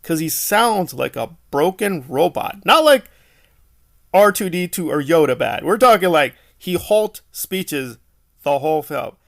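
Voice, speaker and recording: A man's voice: a little high, very animated, unhurried, gravelly, a bit bright. A man giving a casual, opinionated film review, exasperated and sarcastic, full of rhetorical questions.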